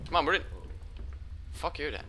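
A young man giving casual gameplay commentary as a let's play host, joking, swearing often and reacting loudly when startled. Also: on the high side, normal speed, slight background noise. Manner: jokey, swears a lot, loud startled reactions.

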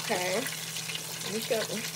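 A woman's voice: medium pitch, fairly even intonation, normal speed. A woman chatting casually to her viewers while she cooks in her home kitchen, filmed on a phone. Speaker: vlogger. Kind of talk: casual late-night cooking vlog. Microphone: phone camera. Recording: phone audio with loud frying noise. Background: sizzling frying oil and running tap.

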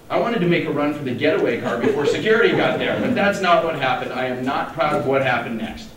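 A man's voice: on the high side, sing-song, measured pace, pauses often. A man in his forties from Colorado telling a story at a conference in a wry, self-deprecating, joking manner. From Denver, Colorado, USA. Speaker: conference speaker. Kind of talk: humorous keynote storytelling. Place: large conference hall. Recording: echoey hall, distant mic, faint noise.

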